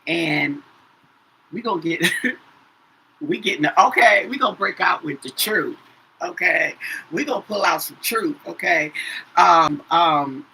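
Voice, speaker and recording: A woman's voice: on the low side, expressive, slow, long pauses, sharp tone, slightly rough, low-quality recording. Chatty woman reading tarot cards. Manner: says "okay?" after nearly every phrase, repeats herself. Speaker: tarot reader. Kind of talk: casual tarot reading to viewers.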